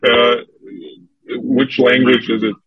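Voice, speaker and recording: Man, hesitant, slow, husky, flat delivery, video call, dry lo-fi sound. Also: medium pitch, no room sound. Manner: hesitant, halting. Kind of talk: casual chat.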